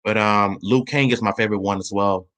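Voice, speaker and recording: A man hosting his own channel talks through a movie trailer in a loose, casual way. His voice sits on the low side, and he rambles, restarts sentences and rushes his words when he gets excited. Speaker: channel host. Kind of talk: casual trailer review chat.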